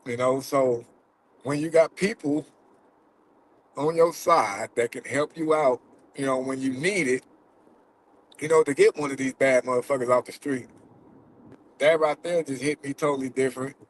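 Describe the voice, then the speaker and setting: In his car on the road, a man who catches predators chats to viewers in a loose, profane way, heavy on fillers and on the verge of tears. He speaks at medium pitch and normal speed, pausing often; the recording is low quality with a little hiss or hum.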